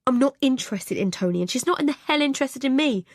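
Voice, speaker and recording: A woman's voice: high-pitched, expressive, fast, no room sound, studio quality, voice pushed up. A woman reading the part of a tired, exasperated husband who snaps and swears when pushed. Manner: weary, curt, swears when cornered.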